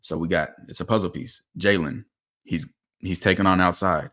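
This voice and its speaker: Man, very deep voice, casual and animated film breakdown. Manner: animated, quick, explanatory. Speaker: football film analyst.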